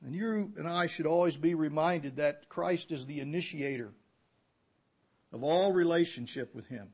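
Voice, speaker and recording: A man preaching an expository sermon, teaching verse by verse and moving between loud emphatic runs and hushed low phrases. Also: normal speed. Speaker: pastor.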